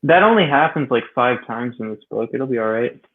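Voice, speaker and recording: Male guest on a tinny phone-like call, gravelly, dry teasing wit. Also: medium pitch, lively intonation, a little fast. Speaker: guest author.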